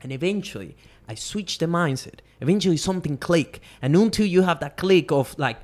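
A man hosting a podcast, speaking in a soft, reflective way in casual conversation. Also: a little high, animated, a little fast. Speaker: podcast host.

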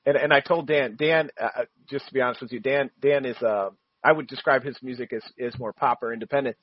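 Quick-talking husky man, comic writer. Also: mid-range voice, fairly even intonation, lo-fi sound. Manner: quick, eager, laughs often. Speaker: comic book writer, guest. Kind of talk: interview.

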